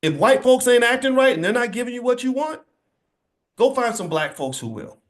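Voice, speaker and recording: Speaking in a very high-pitched voice at a slightly fast clip, a middle-aged man delivers a motivational talk to an audience. He is preachy and emphatic, and his storytelling is full of energy.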